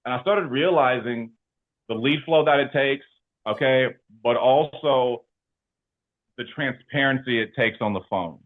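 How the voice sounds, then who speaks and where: A man talking casually as an interview guest about his work, animated and slangy, with lots of fillers. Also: medium pitch, measured pace. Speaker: insurance agency leader and guest. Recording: tinny phone-like line.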